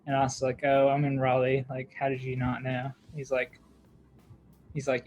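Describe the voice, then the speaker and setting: A man's voice: medium pitch, completely flat delivery, normal speed, darkish tone, dull audio, faint music behind. A young man, a podcast co-host, telling a long story in casual chat, with lots of fillers, "like" and laughter. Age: young adult.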